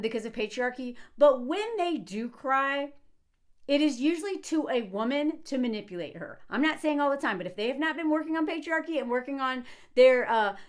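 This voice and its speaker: Woman in her 30s ranting into the camera, high voice, emphatic and sarcastic. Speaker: commentator. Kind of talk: ranting commentary video.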